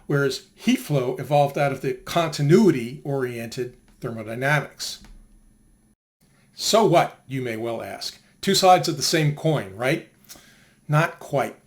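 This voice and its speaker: An older man giving a conversational history of science lecture, asking rhetorical questions as he goes. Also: a little high.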